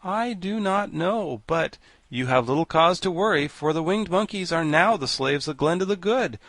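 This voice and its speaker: A man's voice: a little high, expressive, moderate pace, a bit bright, no echo, voice pushed up. A man reading an audiobook and voicing a kindly, reflective straw-stuffed scarecrow king who talks in a soothing way. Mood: thoughtful.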